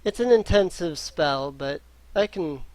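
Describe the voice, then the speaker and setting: A man voicing a busy middle-aged male sage who talks briskly but stumbles over names. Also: a little high, animated, darkish tone, no room sound. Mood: matter-of-fact.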